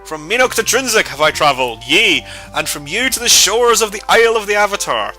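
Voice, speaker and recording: A man's voice: high voice, very animated, brisk, bright, forceful tone, soft background music, full character voice. A man voicing a sly, sarcastic bard who speaks in mock-archaic English with dry irony. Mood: boastful. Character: sly, sarcastic male bard, theatrical and boastful.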